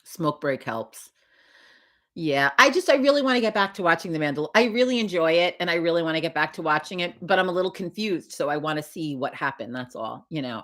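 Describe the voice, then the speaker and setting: An older woman hosting an easygoing morning livestream talks with viewers in a rambling, profane manner, laughing a lot. Her voice is low and a bit bright.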